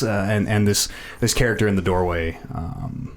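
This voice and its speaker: A man's voice: lowish voice, steady tone, moderate pace, hardly any pauses, soft background music. A man narrating as dungeon master, with many ums and restarts. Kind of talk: narrating a tabletop game.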